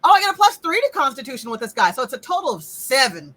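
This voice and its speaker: A woman running a tabletop role-playing game as game master, animated and teasing, laughing often. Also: high-pitched, quick pace, poor audio. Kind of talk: casual tabletop game narration.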